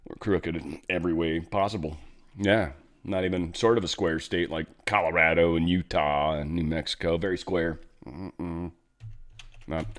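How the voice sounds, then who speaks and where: A man hosts a casual political commentary show, rambling loosely with plenty of sarcasm and slipping into mock voices. His voice is low with a fairly bright tone.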